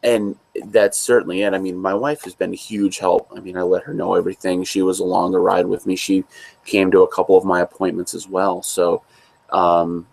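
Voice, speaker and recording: A man with a very low, deep voice talks through a casual chat. He co-hosts in an easygoing, rambling manner. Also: level tone, a little fast, vocal fry, a little mellow. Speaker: co-host.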